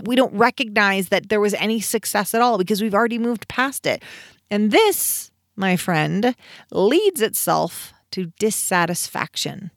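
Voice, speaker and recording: A woman hosting a motivational podcast, energetic and emphatic, with playful asides. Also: medium pitch, no echo, clean studio sound. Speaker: podcast host.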